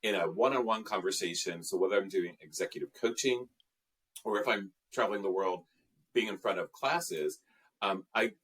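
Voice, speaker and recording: A man's voice: lowish voice, normal speed, a bit bright, breathy edge. A man as an interview guest, talking about his work in an earnest, reflective way, with frequent fillers. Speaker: guest, emotional intelligence trainer. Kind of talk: interview conversation.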